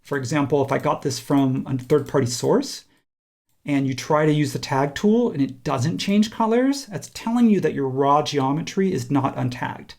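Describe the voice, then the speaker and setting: A man teaching a software tutorial, talking casually and thinking aloud while he clicks through steps. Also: fairly high pitch, expressive, normal speed, vocal fry. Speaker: instructor. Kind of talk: screen-recorded software tutorial.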